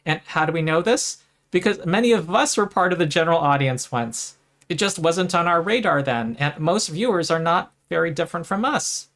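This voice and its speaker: A man's voice: a little high, animated, moderate pace, fairly bright tone. Man narrating an earnest fan essay. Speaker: video essayist. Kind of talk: scripted commentary narration.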